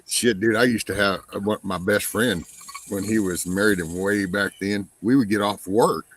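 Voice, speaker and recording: A man's voice: fairly low pitch, moderate pace, a bit bright, poor audio. A man chatting casually as host, telling stories, mimicking other people's voices and swearing freely. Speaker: podcast host. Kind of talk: casual chat.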